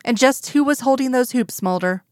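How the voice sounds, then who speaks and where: A woman voices Scully, a determined FBI agent who speaks firmly and directly. Her high-pitched delivery at normal speed is pitched above her own voice but stays close to an everyday one, recorded in clean studio sound with no room tone.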